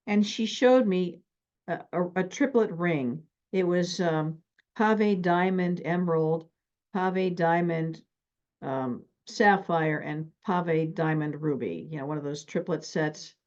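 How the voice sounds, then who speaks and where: A middle-aged woman therapist teaching relationship skills and acting out stories from her life in an animated, extroverted way. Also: on the low side, slow, lo-fi sound. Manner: animated, extroverted, acts out anecdotes.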